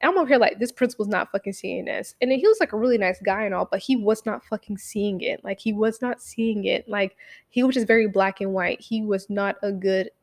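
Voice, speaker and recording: A young woman casually telling a story, swearing freely and acting out what people said in lively bursts. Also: medium pitch, fairly quick. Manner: animated, profane, acts out quotes.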